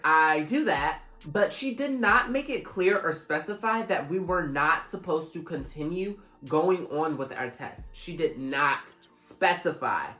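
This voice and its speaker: A young woman vlogger from Florida answering questions in a blunt, profane, animated way. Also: low-pitched. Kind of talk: casual Q&A vlog. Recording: echoey room with faint music.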